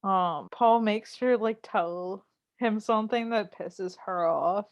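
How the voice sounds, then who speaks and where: A woman's voice: mid-range voice, slow, no room sound, muffled recording. A young woman co-hosting a podcast, chatting casually and acting out quotes with lots of fillers. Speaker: podcast co-host. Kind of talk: casual chat recapping a TV episode.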